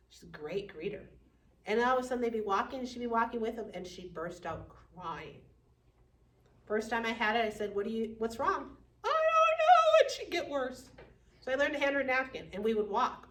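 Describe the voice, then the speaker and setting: A woman teaching a class on dementia care, lively, acting out family members and residents. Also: on the high side. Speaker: dementia educator. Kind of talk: classroom lecture. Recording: echoey room from far off.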